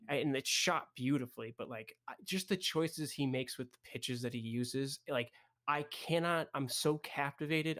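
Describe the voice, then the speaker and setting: A young man co-hosting a podcast, chatting casually and enthusiastically about a film, full of "like" and "right?". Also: medium pitch. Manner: enthusiastic, many "like" and "right?" fillers. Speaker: podcast co-host.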